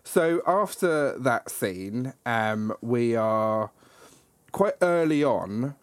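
A man's voice: medium pitch, lively intonation, drawn-out words, smooth, no room sound. A man hosting a casual podcast chat about a film, rambling with many ums and frequent laughs. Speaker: podcast host.

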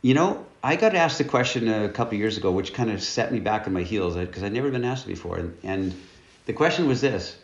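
A man, a guest author, telling stories candidly and earnestly in an interview. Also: fairly low pitch. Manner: earnest, candid, with repeated words. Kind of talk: conversational interview storytelling. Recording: roomy, dull-sounding recording.

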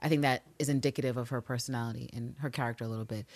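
A woman's voice: rumbling low, rapid-fire, no echo. A woman co-hosting a casual podcast, talking animatedly and swearing freely as she breaks down a TV episode. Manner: animated, profane, acts out characters' lines in voices. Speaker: podcast co-host recapping a TV finale. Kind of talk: casual chat.

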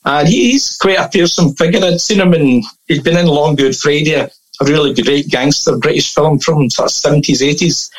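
A man's voice: on the high side, normal speed, hardly any pauses, rough recording. A man telling anecdotes as a podcast guest in a casual, chatty way, laughing often and full of fillers and restarts.

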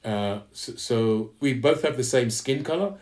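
A man's voice: medium pitch, darkish tone. A man from London with an English accent, a podcast guest talking candidly and reflectively, often restarting his sentences. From London, England. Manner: earnest, reflective, halting with restarts. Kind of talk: candid conversational interview.

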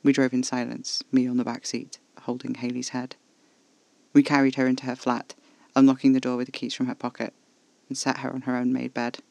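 A man reading scripted first-person horror narration in a measured, level way, close to the mic. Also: medium pitch, monotone, creaky, a little mellow, no echo, rough recording.

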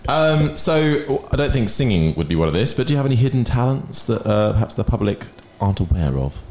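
A man's voice: medium pitch, big pitch swings, fairly quick, darkish tone, a little hiss or hum. A man co-hosting a podcast, asking questions and teasing the guest playfully. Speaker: podcast co-host. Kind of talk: casual podcast chat. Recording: echoey room.

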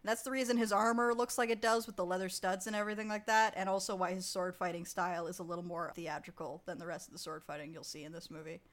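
A young adult woman co-hosting a podcast, recapping a film in animated casual chat with frequent laughs and swearing. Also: on the low side, quick pace, few pauses.

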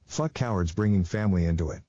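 A man co-hosting a livestream, reading out viewer donation messages in a flat, matter-of-fact way. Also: low-pitched, quick pace, no room sound, muffled recording.

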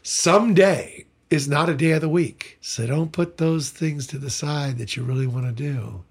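A man's voice: on the high side, measured pace, slightly rough. An older man, a voice actor guest, chatting animatedly in an interview and acting out the people in his stories. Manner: animated storyteller, acts out quotes, opinionated. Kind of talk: casual interview chat.

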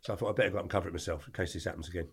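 This older podcast guest has a low-pitched voice with a breathy edge and fairly even intonation, and he talks very fast. He tells casual stories in a rambling, blunt manner, often stopping to correct himself.

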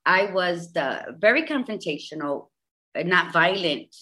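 A woman's voice: lowish voice, expressive, measured pace, pushed and bright. A woman in her fifties, a guest in an interview, telling her own story with emphatic, repetitive storytelling. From Bridgeport, Connecticut, US. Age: 50s. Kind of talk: candid personal interview.

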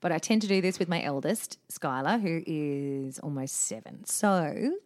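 A woman's voice: low voice, moderate pace. A woman, co-hosting a casual chat and acting out family stories as she tells them. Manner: animated storytelling, acts out her daughter and herself. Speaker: podcast co-host.

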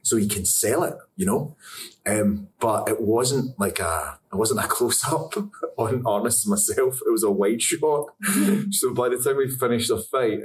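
A young Scottish actor answers interview questions about acting in a medium-pitched voice at a measured pace. He's chatty and rambling and laughs often, captured by a distant mic with faint ambience.

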